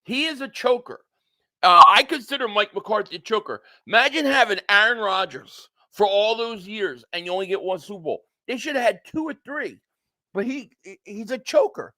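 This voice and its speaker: A man's voice: high-pitched, normal speed. A man hosting a live sports reaction stream, reading viewer super chats aloud and ranting bluntly, with some swearing. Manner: excitable, blunt, ranting, profane.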